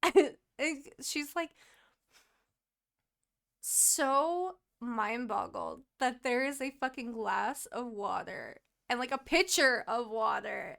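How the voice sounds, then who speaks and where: A young woman co-hosting a podcast, casually retelling a book's plot in a lively, profane way and acting out the characters' lines. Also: fairly high pitch, slow, gravelly. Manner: animated and profane, acts out quoted characters. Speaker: podcast co-host.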